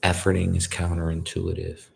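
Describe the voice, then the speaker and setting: Deep raspy-ish guy doing a laid back spiritual talk, keeps saying you feel me. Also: completely flat delivery, moderate pace, slight background noise. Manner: conversational, repeats "you feel me", colloquial grammar. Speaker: spiritual speaker.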